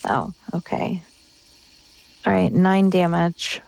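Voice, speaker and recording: Slow-talking, gravelly woman player. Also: on the low side, fairly even intonation, a little mellow, poor audio. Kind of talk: casual tabletop play.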